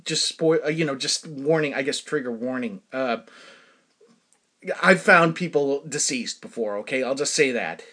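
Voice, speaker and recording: A man's voice: mid-range voice, normal speed, pushed and bright. A middle-aged man hosting a show, telling a personal story in a casual, rambling way full of fillers and bursts of laughter. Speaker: show host.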